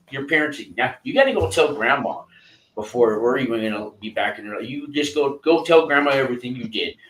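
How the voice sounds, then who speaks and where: A man hosting a casual chat, giving rambling advice with many halting restarts and fillers. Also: medium pitch, a bit bright, roomy sound, low-quality recording. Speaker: host coaching a guest.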